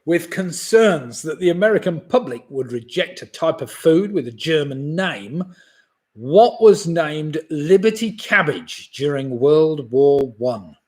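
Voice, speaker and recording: A man's voice: a little high, animated, measured pace. A man in his sixties hosting a live online pub quiz. He reads each question twice and chuckles at his own jokes. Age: 60s.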